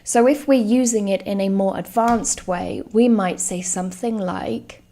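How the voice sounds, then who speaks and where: Woman, English teacher, slow deliberate delivery, mid-pitched voice, live stream lesson. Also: mellow. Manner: slow, clear and emphatic, stresses example words.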